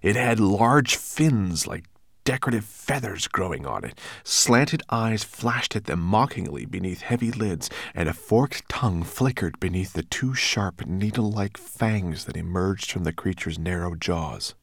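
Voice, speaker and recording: A man narrating a children's fantasy audiobook with expressive storytelling. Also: deep voice, a little slow, no echo.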